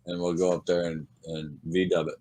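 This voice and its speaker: A man's voice: low-pitched, flat delivery, normal speed, warm tone, slight background noise. A man co-hosting a podcast in slangy, profane casual chat. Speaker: podcast co-host.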